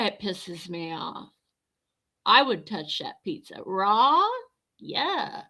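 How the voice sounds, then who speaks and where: A woman's voice: medium pitch, very animated, slow, bright, forceful tone. A middle-aged woman livestreaming, chatting bluntly and answering her viewers' comments as she goes. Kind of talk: casual livestream chat.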